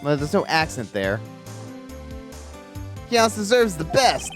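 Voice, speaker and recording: A woman's voice: sits low, very animated, takes it slowly, faint music behind, heavily acted. Woman doing a whiny, goofy young guy. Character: goofy, whiny young man, lovesick slacker.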